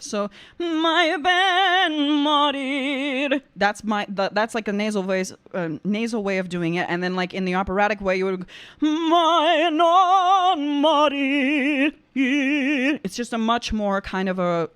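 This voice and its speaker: Excitable young woman vocal coach. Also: mid-range voice, fairly quick, hardly any pauses, clear, resonant tone, no echo, soft background music. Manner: excitable, gushing, explains vocal technique chattily. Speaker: opera singer and vocal coach reacting to a performance. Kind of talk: casual reaction commentary.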